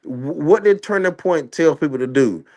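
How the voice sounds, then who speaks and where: Argumentative man, higher-pitched voice. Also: expressive, warm tone, dull audio. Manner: argumentative, repeats "no" in rapid bursts. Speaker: podcast host. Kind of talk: heated casual debate.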